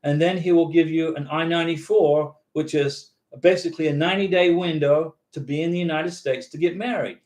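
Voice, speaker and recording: A man's voice: a little high, fairly even intonation, a little fast, hardly any pauses, darkish tone, echoey room. A man in his fifties hosting a casual livestream, reading out viewer comments and answering them in a chatty way.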